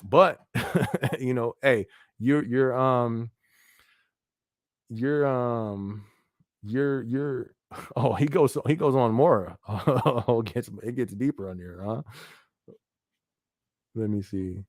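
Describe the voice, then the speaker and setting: Male live-stream host, casual and loose, mid-pitched voice, close dry mic. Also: slow pace, pauses often, no echo. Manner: laid-back, laughs often, frequent fillers like "you feel me". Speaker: livestream podcast host. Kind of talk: casual live-stream chat reading viewer comments.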